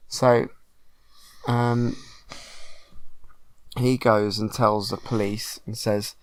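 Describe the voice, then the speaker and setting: A father retelling a film story to his child at home. He talks slowly and chattily at a middle pitch, pausing for ums. The recording is dry and close. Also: dry recording. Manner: chatty, animated, hesitant with ums. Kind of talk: casual storytelling.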